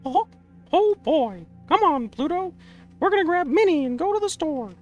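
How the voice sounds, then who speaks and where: Mickey Mouse. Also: male voice, lively intonation, moderate pace, a little mellow, lo-fi sound, faint music behind. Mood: cheerful. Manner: falsetto, cheerful. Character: cheery squeaky cartoon mouse, male.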